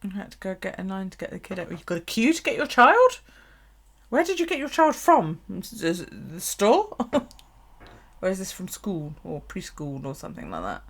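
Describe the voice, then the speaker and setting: A woman's voice: medium pitch, very animated, moderate pace. Giggly, sweary woman. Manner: chatty, giggly, sweary, rambling. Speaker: bullet-journal livestream host. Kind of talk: casual live-stream chat.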